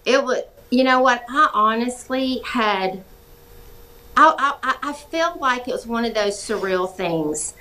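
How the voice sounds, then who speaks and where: A young woman with a warm Georgia drawl talks as a guest on an interview show. Her voice is bright and sits a little high, and her delivery is lively and cheerful, with easy laughter. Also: measured pace, rough recording. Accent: Southern US, Georgia. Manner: animated and cheerful, laughs easily. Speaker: actress guest. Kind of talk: casual talk-show interview.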